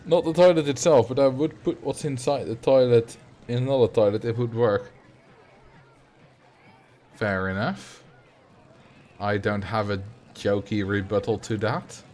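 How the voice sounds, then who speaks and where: A man's voice: mid-range voice, unhurried, long pauses, a little mellow. Jokey man streaming a game. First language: Dutch. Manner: jokey, bantering with chat. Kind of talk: casual livestream chat while playing.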